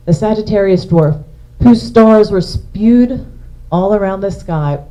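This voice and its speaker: A warm, mid-range female voice guides listeners through slides during a public astronomy lecture, building each explanation step by step. Sound quality is dull and lo-fi.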